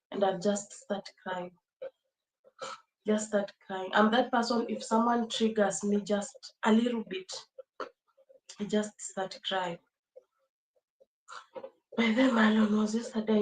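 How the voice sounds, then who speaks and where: A young woman, chatting casually on a livestream, emotional and repeating herself, laughing often. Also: medium pitch. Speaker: livestream host. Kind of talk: casual livestream chat with viewers. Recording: echoey room.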